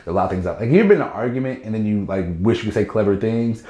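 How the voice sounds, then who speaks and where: A man, a stand-up comedian, telling a story in casual chat, animated and acting out what people said. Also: fairly low pitch, racing, echoey room, lo-fi sound. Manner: animated, acts out quotes in shifting voices.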